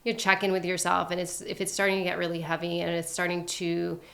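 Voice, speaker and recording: A woman's voice: on the low side, completely flat delivery, quick pace, vocal fry, fairly bright tone. A woman in her thirties hosting a podcast, talking candidly and reflectively in casual chat, swearing now and then. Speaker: podcast host.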